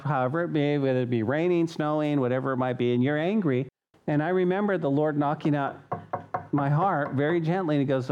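A man preaching a sermon as pastor, animated and restarting often, acting out quoted voices. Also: a little high.

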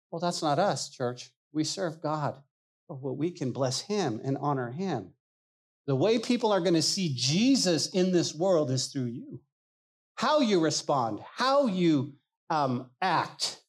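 A man preaching a sermon as pastor, animated and emphatic, acting out the people he quotes. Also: high voice, unhurried.

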